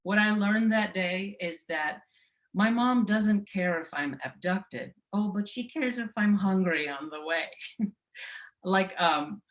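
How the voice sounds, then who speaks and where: A woman in her thirties doing a stand-up set, wry and deadpan in her storytelling. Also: medium pitch, slow pace, poor audio. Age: 30s. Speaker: stand-up comedian.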